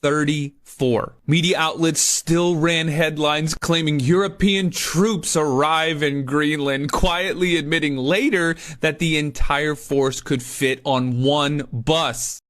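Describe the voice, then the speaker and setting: Male narrator, slightly high voice, emphatic scripted commentary. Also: fairly even intonation, slow pace, few pauses, a bit bright. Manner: punchy, emphatic delivery with folksy asides.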